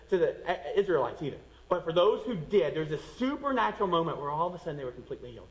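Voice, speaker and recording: A man preaching a sermon as a pastor, animated and acting out the voices of people in the story. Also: a little high, rapid-fire, hardly any pauses, in a large hall, rough recording.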